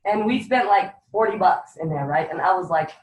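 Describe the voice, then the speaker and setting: A woman's voice: lowish voice, expressive, moderate pace. Emphatic, direct woman in an echoey room. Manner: emphatic and direct, urging boldness. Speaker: beauty consultant. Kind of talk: casual story-sharing at a sales meeting. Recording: echoey room, distant mic, faint background hum.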